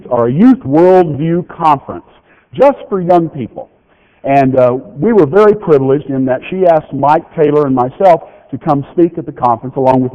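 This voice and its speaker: A middle-aged man, a pastor, chatting folksily with his congregation, reading out children's notes and tossing questions back to the room. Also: fairly high pitch. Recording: dull lo-fi church recording.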